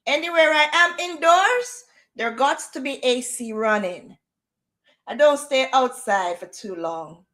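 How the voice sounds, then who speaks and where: A middle-aged woman chatting casually on her livestream, animated and drifting into patois. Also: sits high, measured pace. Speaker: livestream host. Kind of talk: casual chat. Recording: echoey room.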